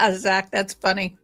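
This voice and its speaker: A woman's voice: medium pitch, a bit bright, no echo, clean studio sound. A woman livestreaming a game in a casual chat, talking straight to her viewers. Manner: chatty, addresses viewers directly. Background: faint game music.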